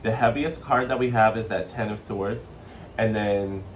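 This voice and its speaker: A man giving a casual spiritual tarot reading, chatty and excitable, with a playful, sassy way of talking. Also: mid-range voice, moderate pace, distant mic, slight background noise. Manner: playful, sassy, slips into joking accents. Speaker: tarot reader.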